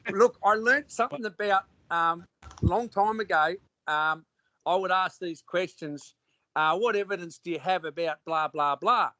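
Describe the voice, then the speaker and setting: Australian man, high voice, blunt rambling chat, dry close sound. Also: measured pace, sharp tone, no room sound. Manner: rambling, blunt, with frequent restarts and slang. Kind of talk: casual conversation.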